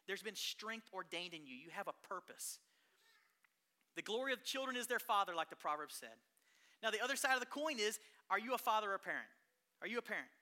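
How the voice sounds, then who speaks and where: A pastor preaching a sermon, telling stories in an animated way that swings between hushed and loud. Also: medium pitch, quick pace.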